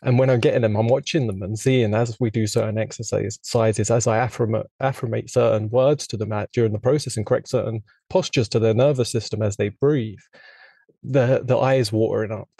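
Man, middle-aged, interview host, mellow tone, earnest, reflective, rambling. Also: fairly low pitch, steady tone, a little fast, creaky, husky, no echo. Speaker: podcast host. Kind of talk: casual interview conversation.

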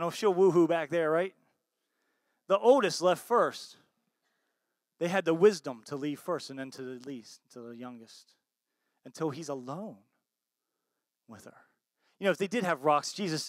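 An American man preaching a sermon as pastor, swinging between loud emphatic bursts and low soft asides, and often asking the congregation questions. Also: moderate pace, long pauses, no echo, studio quality. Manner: asks the congregation rhetorical questions.

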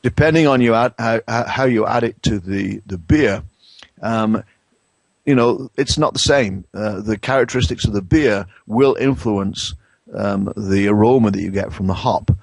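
A middle-aged Englishman with a low voice explains brewing science as an interview guest, often stopping and restarting his sentences. The recording is dry and close, with no room sound. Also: normal speed, creaky, dry recording. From England. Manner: hesitant, many restarts and fillers. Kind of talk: conversational expert interview.

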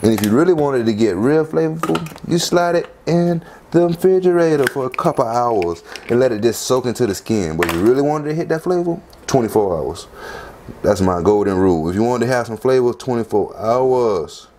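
A man hosting a home cooking video, talking casually and lively as he walks through each step. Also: a little fast, slight background noise. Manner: chatty, lively, punctuates steps with "boom".

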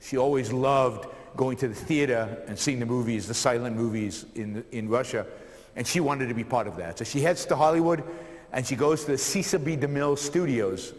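A man's voice: medium pitch, moderate pace. A man giving a public lecture to a live audience, telling a life story energetically, with many fillers and repeated words. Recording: long hall reverb.

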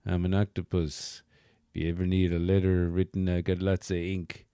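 A man voicing a gruff old male octopus with a gravelly, salty sailor drawl. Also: sits low, monotone, normal speed, warm tone, no echo, clean studio sound. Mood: wry.

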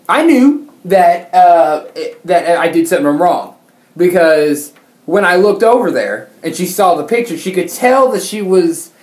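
A woman YouTuber telling a comic story in an animated, exaggerated, mock-outraged way. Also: lowish voice, measured pace. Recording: roomy echo.

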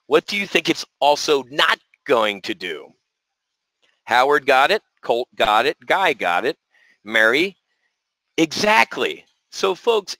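A man hosting a live options trading webinar, talking in an energetic, folksy way and repeating words for emphasis. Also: medium pitch, no room sound, low-quality recording. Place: resort room.

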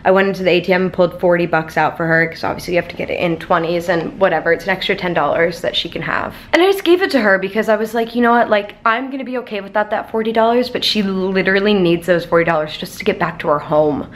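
A woman in her twenties talking casually to a handheld camera, chatty and expressive, with lots of "like" in her speech. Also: on the low side, fast talker, few pauses, a little hiss or hum. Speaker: vlogger. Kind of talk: casual vlog chat to camera.

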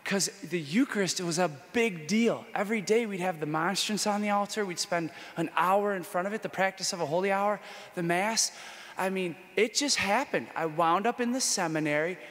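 A male priest giving a conference talk as a personal testimony, storytelling in a lively way that swings between loud enthusiasm and hushed intimacy. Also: sits high, normal speed. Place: conference hall. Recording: long hall reverb.

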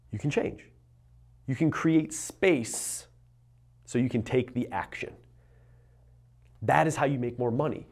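A man coaching entrepreneurs in a motivational talk to camera, earnest and emphatic, slowing down on key phrases. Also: on the high side, darkish tone.

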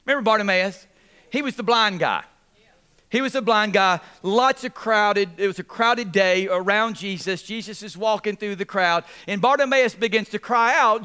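A man's voice: high-pitched, moderate pace, clean tone. A man preaching a sermon as pastor, repeating phrases and calling on the congregation for responses. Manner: repetitive, animated preaching with audience call-outs.

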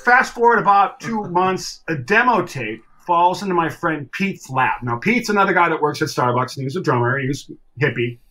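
A middle-aged man telling a story as a podcast guest, animated and swearing freely as he acts out other people's lines. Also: on the high side, moderate pace, few pauses, rough recording. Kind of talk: casual storytelling.

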